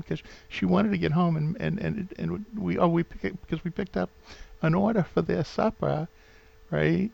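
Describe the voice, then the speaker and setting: A man's voice: sits high, sing-song, moderate pace, creaky, lo-fi sound. A man in his fifties with a New England accent rambles sentimentally through a home vlog, full of fillers and restarts. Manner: sentimental, gets openly emotional. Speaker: vlogger.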